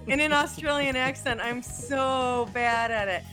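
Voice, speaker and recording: A woman's voice: high voice, steady tone, unhurried, over music. A woman co-hosting a podcast in casual chat, playful and enthusiastic. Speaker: podcast co-host.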